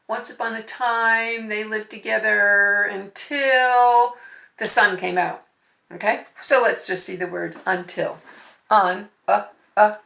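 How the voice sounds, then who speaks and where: A woman's voice: medium pitch, vocal fry, pushed and bright. A woman teaching first graders phonics, patiently sounding out letters and syllables. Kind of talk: remote phonics lesson. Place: home. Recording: echoey room.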